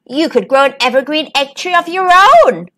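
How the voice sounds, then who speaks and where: A woman voicing a cunning old female pig stranger who bargains slowly and slyly in a storybook reading. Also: high-pitched, lively intonation, bright, forceful tone, voice pushed up. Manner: slow, wheedling, bargaining.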